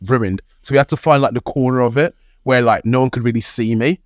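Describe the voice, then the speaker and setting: A young British man, a podcast co-host, telling a story in an animated, casual way, laughing and swearing as he goes. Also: medium pitch, fast, no room sound, studio quality.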